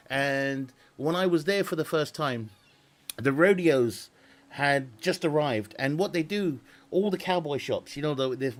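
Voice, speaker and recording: A man chatting casually with viewers on a live stream, rambling, swearing freely and laughing often. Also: medium pitch.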